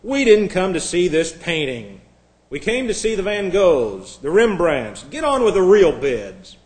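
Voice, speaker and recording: A man telling a story and voicing an impatient male art buyer who shouts angrily from the crowd. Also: high voice, very animated, measured pace. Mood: angry.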